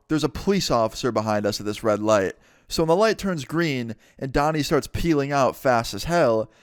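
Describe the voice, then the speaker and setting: A man's voice: mid-range voice, dry recording, studio quality. A man in his twenties telling a story in a casual, slangy, swearing way. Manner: laid-back, slangy, swearing.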